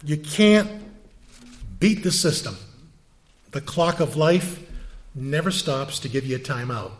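An older man with a high voice gives a sermon in a loose, conversational way. He keeps tossing rhetorical questions and quick asides to his listeners. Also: expressive. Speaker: pastor.

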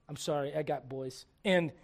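A man preaching a sermon in church, humorous and animated, dropping to quiet asides and rising to shouts. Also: a little high, unhurried. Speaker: pastor.

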